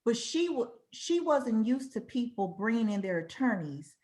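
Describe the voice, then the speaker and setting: Woman attorney, fairly high, expressive voice, plain explainer on a call. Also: normal speed. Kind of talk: casual chat. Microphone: video call.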